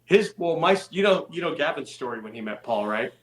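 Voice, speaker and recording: Musician guest in echoey room. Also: male voice, fairly high pitch, brisk, slight background noise. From California. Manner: relaxed storytelling, self-deprecating. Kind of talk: casual interview chat.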